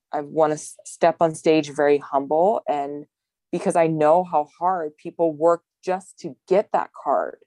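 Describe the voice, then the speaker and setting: A woman's voice: deep voice, darkish tone, dry recording. A woman from Hawaii, a bodybuilding competitor, chatting as an interview guest, rambling and laughing, tired. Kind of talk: casual interview talk.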